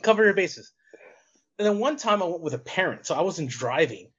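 A man's voice: sits high, big pitch swings, a little fast, fairly bright tone, husky, muffled recording. A man co-hosting a podcast, a wrestling coach telling a rambling story with restarts and swearing. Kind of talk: casual chat, telling an anecdote.

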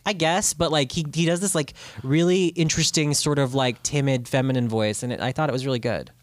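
A young man hosting a casual podcast chat, talking fast and eagerly, with lots of "like" fillers. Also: mid-range voice, fairly even intonation, no room sound. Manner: fast, enthusiastic, full of "like" fillers. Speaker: podcast host.

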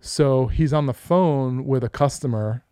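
With a smooth, medium-pitched voice and a measured pace, a middle-aged man co-hosts a podcast, swapping stories casually while swearing and acting out what people said. The recording is studio quality with no room sound.

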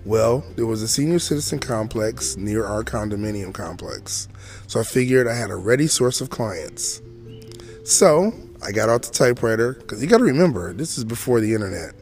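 A podcast host in his forties tells his own story in a chatty monologue packed with asides to the listener. His voice is fairly low and darkish, with lively intonation at a moderate pace, and faint music plays behind him.

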